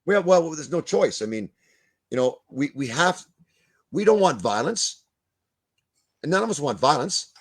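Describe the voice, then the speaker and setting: A man's voice: on the high side, very animated, measured pace, pauses often, breathy edge. An older man, ranting bluntly as a guest in a video-call discussion, swearing and stumbling over repeated words. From Canada.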